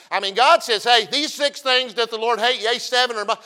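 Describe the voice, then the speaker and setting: A middle-aged man preaching a folksy, humorous sermon, swinging from loud emphasis to quiet storytelling asides. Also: very high-pitched, brisk. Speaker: pastor.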